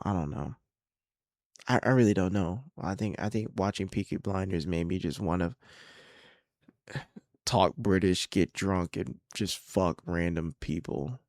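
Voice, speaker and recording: Low-voiced profane rambling guy. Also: no echo, clean studio sound. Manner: rambling, profane, self-mocking. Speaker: podcast host. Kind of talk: casual solo podcast monologue.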